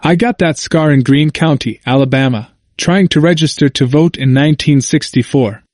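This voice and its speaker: A man voicing an intense, earnest man in his seventies with a hoarse voice and an emphatic manner, in a dry recording. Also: a little high, moderate pace, no echo, natural voice. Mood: quiet, earnest. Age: 70s. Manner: forceful and emphatic, then near-whispered.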